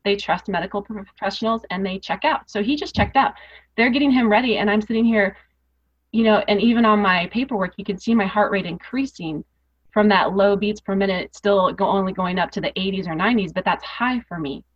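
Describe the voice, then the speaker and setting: A woman's voice: medium pitch, a little fast, husky. A woman telling her own story as a guest in an interview. She speaks earnestly and emotionally, repeating phrases for emphasis. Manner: emotional, rising intensity. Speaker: podcast guest. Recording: dull lo-fi podcast audio.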